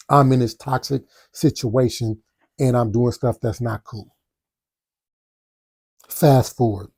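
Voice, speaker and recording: A podcast host tells a personal story in a gravelly, husky voice. He is animated and adds spoken sound effects. The recording is dry and close. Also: mid-range voice, no echo. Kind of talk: casual storytelling.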